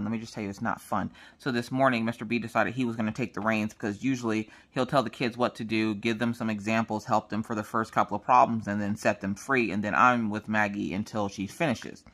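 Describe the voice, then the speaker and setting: A woman's voice: very deep voice, a bit bright. Brief: woman in her thirties, casual crafting chat, rambling storyteller. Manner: chatty, rambling storytelling with quoted dialogue. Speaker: crafting vlogger.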